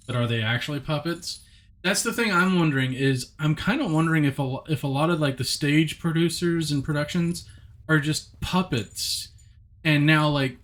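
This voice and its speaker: A man's voice: fairly high pitch, fairly quick, fairly bright tone. A man streaming a game live, chatting with viewers and reading the game's text aloud. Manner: chatty, answers chat, reads narration aloud in a plain voice.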